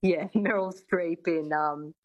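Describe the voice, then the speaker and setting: Chatty Australian woman, lowish voice. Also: steady tone, takes it slowly, lo-fi sound. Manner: chatty, many restarts and fillers. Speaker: accent coach. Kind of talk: radio interview.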